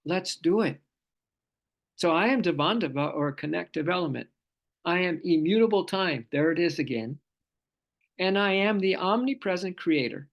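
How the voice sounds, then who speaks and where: A gravelly-voiced man leads a scripture class, pitched a little high. He speaks fervently, circling back on his phrases and drawing out long chanted vowels. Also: expressive, normal speed, dull audio. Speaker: spiritual teacher.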